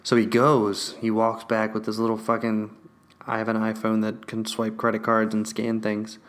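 Young male vlogger, loose casual chat, swears freely, loud bursts then hushed asides. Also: on the low side, normal speed. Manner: profane, excitable, jumps between loud and hushed; acts out whispered store dialogue.

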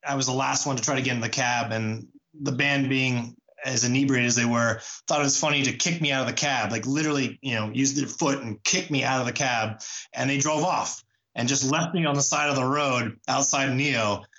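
A man, a touring musician, telling a personal anecdote in a casual, halting way with many fillers and restarts. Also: medium pitch, steady tone, pushed and bright, muffled recording. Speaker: musician sharing a memory.

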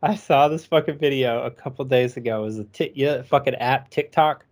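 A man hosts a loose podcast conversation, cursing often and laughing easily. His voice sits in a middle pitch and he rambles from story to story. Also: brisk. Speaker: podcast host. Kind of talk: casual podcast chat.

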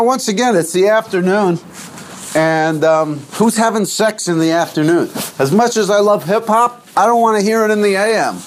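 A man hosts his own podcast in a loose, rambling monologue, his slightly high voice swooping up and down as he clowns around. His delivery is goofy and offhand. A steady hiss of background noise sits under the recording. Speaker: podcast host.

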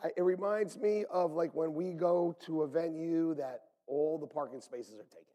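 A man preaching a sermon as pastor, animated and swinging from loud calls to hushed near-whispers. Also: on the high side, moderate pace, long reverb tail.

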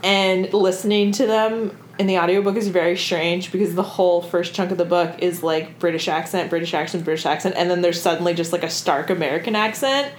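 A woman's voice: fairly low pitch, fairly quick, few pauses. A woman co-host talks loosely through a book she has read, full of fillers and cursing. Her voice bounces around an echoey room. A faint background noise sits under it. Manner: chatty, lots of fillers and swearing, laughs often. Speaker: podcast co-host. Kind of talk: casual book discussion chat.

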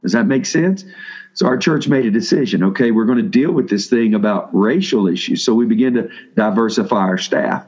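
A man's voice: fairly low pitch, fairly quick, a little mellow, slightly rough, lo-fi sound. A man preaching a sermon to seminary students, talking casually with restarts and questions to the room. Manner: conversational preaching with frequent restarts and questions to the audience. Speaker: pastor speaking to seminary students.

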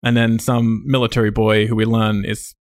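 A man's voice: fairly low pitch, flat delivery, normal speed, no room sound. A man hosting a casual film discussion, chatty and self-deprecating, laughing often as he talks. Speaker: podcast host.

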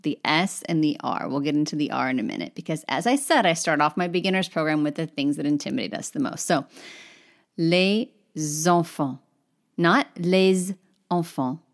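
A woman teaching French pronunciation to English speakers online, spelling words out letter by letter and slowing down to demonstrate. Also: low voice, lively intonation, vocal fry. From English-speaking country.

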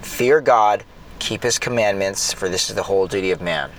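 A man's voice: on the low side, moderate pace, a little hiss or hum, poor audio. A man giving an informal, impassioned sermon, talking conversationally with frequent restarts. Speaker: preacher.

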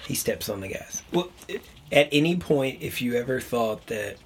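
A man talking through a Bible chapter in casual group conversation, animated and enthusiastic. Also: medium pitch, breathy edge. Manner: animated, energetic, quick bursts of enthusiasm. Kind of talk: casual Bible study chat.

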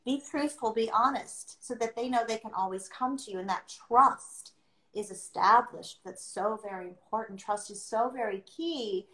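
A woman's voice: a little high, normal speed, a bit bright. A middle-aged woman, a podcast guest, talking earnestly and emphatically and repeating her key phrases. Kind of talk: heartfelt podcast conversation. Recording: echoey room.

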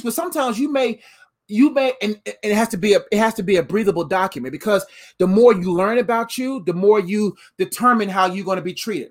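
A man giving a casual motivational sermon, animated and playful, repeating phrases and calling the audience fam. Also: sits high.

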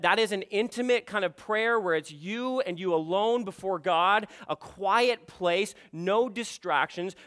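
A man's voice: high-pitched, a bit bright. A man preaching a sermon to his congregation in an earnest, emphatic way, often repeating "you see". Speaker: pastor.

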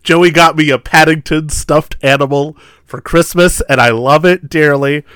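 A man's voice: fairly high pitch, steady tone, moderate pace, fairly bright tone, clear, resonant tone, no echo, studio quality. A man co-hosting a podcast in casual chat, playful and easygoing, giggling often. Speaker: podcast co-host.

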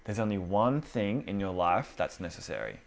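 A man's voice: low voice, sing-song, moderate pace, creaky. A man preaching to a small indoor group in a casual, conversational way, acting out the inner voices of his listeners. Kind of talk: casual informal sermon.

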